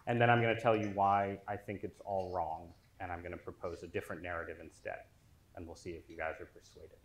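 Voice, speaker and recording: Man, after-dinner lecture, self-deprecating humor, lowish pitch, roomy hall sound. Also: fairly even intonation, fast. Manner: self-deprecating, joking, with filler ums. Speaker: featured dinner speaker. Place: large dining hall. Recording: echoey hall with faint noise.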